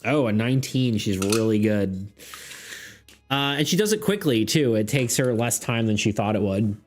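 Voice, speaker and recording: A man's voice: fairly low pitch, animated, moderate pace. A man running a streamed tabletop game, rambling and hesitant, with self-deprecating asides. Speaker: game master. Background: faint background music.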